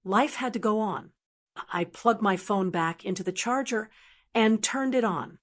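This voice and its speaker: A woman narrating a first-person story in a calm, steady, measured way. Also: medium pitch.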